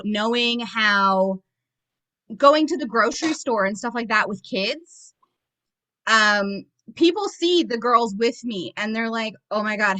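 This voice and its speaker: A woman's voice: medium pitch, pushed and bright, rough recording. A Canadian woman chatting on a group call, telling folksy stories and tips. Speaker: team member sharing tips.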